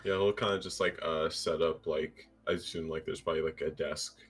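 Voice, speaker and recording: A man's voice: low-pitched, steady tone, brisk, breathy edge, faint music behind. A man playing a tabletop game, rambling about his character's actions with many fillers. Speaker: player.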